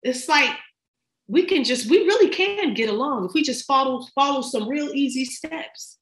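A woman's voice: sits high, lively intonation, moderate pace. A middle-aged woman talking as a podcast guest in casual chat, emphatic and slangy as she gives advice. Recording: roomy echo.

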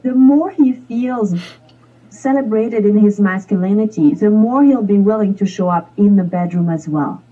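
Husky, frank female coach. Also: mid-range voice, normal speed, warm tone, dull audio. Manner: frank, direct, easygoing. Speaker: guest, intimacy coach. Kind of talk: explaining tips on a talk show.

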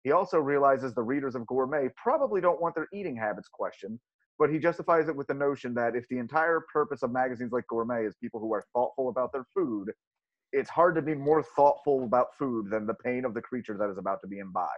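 A man's voice: mid-range voice, fast talker. Man hosting a podcast, dull lo-fi sound. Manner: enthusiastic, reads notes aloud. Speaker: podcast host. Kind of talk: casual podcast chat and reading summaries. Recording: dull lo-fi mic.

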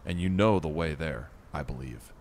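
A man reading the lines of a young male traveler who speaks quietly and sternly. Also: extremely low pitch, normal speed, slight background noise.

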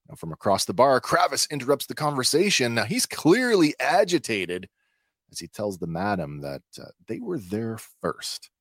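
A man's voice: medium pitch, sing-song, moderate pace, a bit bright, dry recording, clean studio sound. A man hosting a podcast, recapping an episode in a chatty way with many filler words. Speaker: podcast host.

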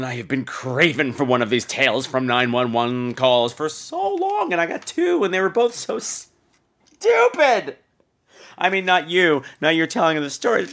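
A man hosting a podcast, chatting casually and reacting to voicemails with theatrical swings from low mutters to high squeals. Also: a bit bright. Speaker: podcast host reading voicemails. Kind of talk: casual chat.

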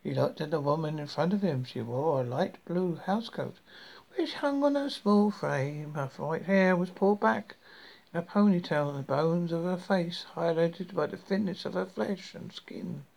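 Male horror podcast reader, gravelly voice, slightly high, slow deliberate delivery. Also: expressive, darkish tone. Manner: slow, deliberate reading with small restarts. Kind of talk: reading a horror story.

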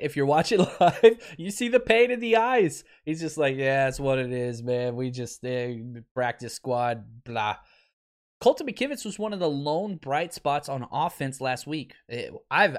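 A man in his thirties with a fairly high-pitched voice hosts a casual sports podcast. He sounds wry and exasperated and laughs often while talking.

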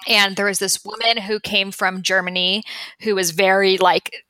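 A woman guest on a podcast, telling a story with animated acted-out voices. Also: mid-range voice, normal speed, low-quality recording. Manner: animated, acts out quoted voices loudly.

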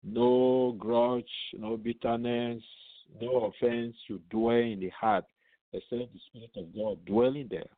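A man's voice: mid-range voice, steady tone, unhurried, no room sound. A man teaching the Bible on a radio programme, asking rhetorical questions and answering them himself, often repeating words as he goes. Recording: narrow phone-line radio sound.

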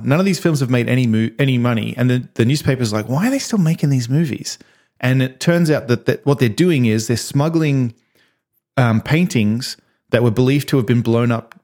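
A man casually chatting on a podcast, retelling movie scenes and acting out the quotes. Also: moderate pace. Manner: animated storyteller, acts out quotes in high voices. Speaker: podcast co-host. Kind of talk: casual chat.

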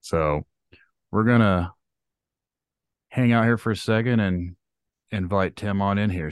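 A deep-voiced man co-hosting a casual podcast, speaking in an earnest, drawling way as he rants. His low voice sounds close and dry, with no room around it. He keeps it loose and conversational. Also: a little slow, long pauses, smooth, dry recording. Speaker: podcast co-host.

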